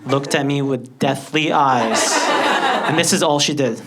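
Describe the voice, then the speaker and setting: A young man from Lebanon doing a stand-up comedy set, telling stories with animated delivery and acting out characters. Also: medium pitch, a little slow, heavy background noise. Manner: animated storytelling, acts out characters. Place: live comedy stage.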